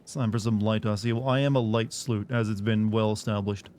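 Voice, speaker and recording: A man's voice: on the low side, flat delivery, a little fast, darkish tone, a little hiss or hum. A man casually commenting as he plays a game on stream, rambling and cracking crude jokes to his chat.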